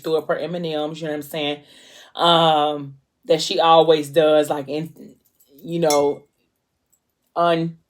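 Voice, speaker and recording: Low-pitched woman, chatty book-recap host who slips into the characters' lines. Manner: chatty retelling with many fillers, briefly acting out characters' lines. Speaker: book vlogger recapping a novel.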